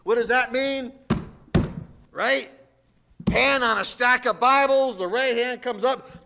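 Male preacher, sermon, slow and deliberate, high voice, rhetorical questions, emphatic. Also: creaky, pushed and bright. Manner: slips into mocking quoted voices.

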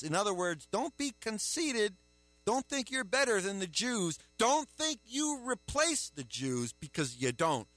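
Bright-voiced emphatic male preacher. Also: high voice, very animated, unhurried, no room sound, faint music behind. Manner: emphatic, rhetorical questions. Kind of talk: sermon.

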